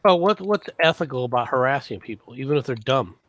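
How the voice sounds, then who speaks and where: A man's voice: medium pitch, animated, fast talker, a bit bright, dry recording. A man streaming a casual voice chat, defensive and insistent as he argues his points.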